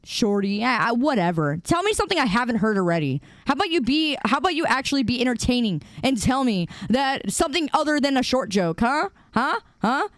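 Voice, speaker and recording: A woman's voice: fairly high pitch, very animated, brisk, hardly any pauses, dry recording, studio quality. A young woman streamer chatting casually with her viewers, bantering playfully and teasing back with mock defensiveness.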